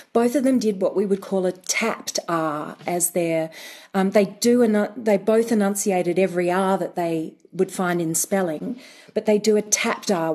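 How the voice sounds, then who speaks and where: A woman's voice: mid-range voice, darkish tone. A woman dialect coach explaining methodically in a radio interview, with some ums. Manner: methodical, explaining in lists with fillers.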